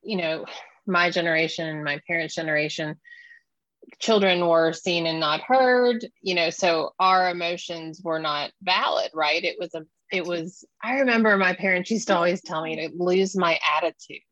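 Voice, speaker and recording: A woman's voice: fairly low pitch, normal speed, fairly bright tone, no echo, dull audio. A woman hosting an interview, talking candidly about her own childhood. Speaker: interview host. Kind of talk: interview conversation.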